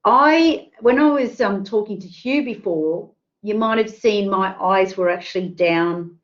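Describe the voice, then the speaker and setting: A woman's voice: medium pitch, a little slow, dull audio. A woman presenting an online careers workshop, chatty and full of fillers, asking the audience questions. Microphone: video call.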